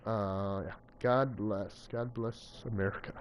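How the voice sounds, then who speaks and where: A young man streaming a video game, chatting casually and bursting into loud cheers, a little out of breath. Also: fairly low pitch, slow, slight background noise. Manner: excitable, swings from calm to loud cheering. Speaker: gaming live streamer. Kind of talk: casual live stream commentary.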